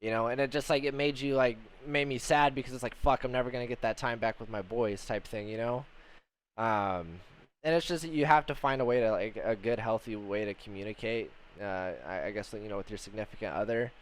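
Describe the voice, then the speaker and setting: A man's voice: mid-range voice, a little fast. A young man, a Marine veteran hosting a casual livestream chat, talking bluntly with lots of swearing and fillers. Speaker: podcast host, Marine veteran.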